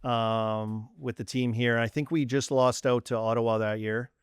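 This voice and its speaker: A man's voice: medium pitch, moderate pace, clean tone, no echo, clean studio sound. A Canadian man in his forties, a former hockey player, telling stories in a casual chat and acting out the dialogue. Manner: animated storyteller, acts out quoted dialogue.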